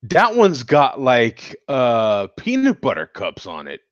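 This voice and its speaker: A man from the United States hosting a casual chat show, reacting to viewer comments with frequent laughs and animated exclamations. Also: medium pitch, slow, dry recording. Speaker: show host. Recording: dull, dry lo-fi sound.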